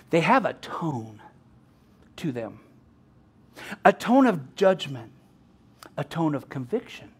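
A male pastor in middle age delivers a sermon in an unusually high voice. His pitch rises and falls with great animation, and he often breaks into laughter while acting out the people in his story.

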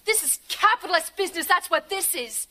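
A woman's voice: extremely high pitch, expressive, fairly quick, bright, forceful tone, a little hiss or hum, exaggerated voice. A woman playing an indignant, preachy young singer with an Irish accent in a comedy sketch.

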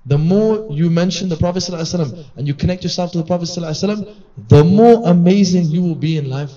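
A man's voice: high-pitched, very fast, mellow. A man giving an earnest, conversational religious reminder to a gathering. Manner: earnest, conversational, acts out quoted voices. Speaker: religious teacher. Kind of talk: sermon-style reminder at a gathering. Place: gathering hall. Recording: distant mic, dull lo-fi sound.

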